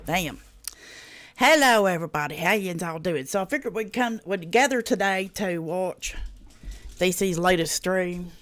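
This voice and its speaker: A host chatting on a reaction livestream, greeting viewers by name and swearing in a folksy, drawling way. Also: medium pitch. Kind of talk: casual reaction livestream chat.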